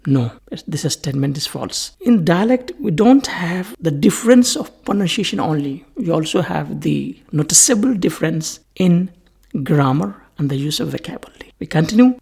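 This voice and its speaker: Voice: mid-range voice, moderate pace, gravelly, slightly rough. A lecturer giving a recorded English lesson, explaining steadily and restating each point as a list of near-synonyms. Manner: steady, explanatory teaching delivery.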